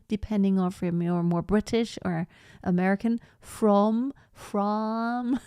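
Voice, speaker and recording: A woman leads a live online singing class, speaking at an unhurried, deliberate pace. Her voice is smooth and resonant, sits a little high, and comes across dry and close. She stops now and then to sing a phrase and show the point. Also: dry recording. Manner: demonstrates by singing phrases, then explains calmly. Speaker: singing teacher.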